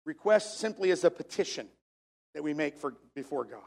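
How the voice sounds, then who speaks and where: A man's voice: fairly high pitch, animated, brisk, vocal fry, darkish tone. A man preaching a sermon to a congregation, repeating key phrases for emphasis in a preacher's cadence. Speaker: pastor.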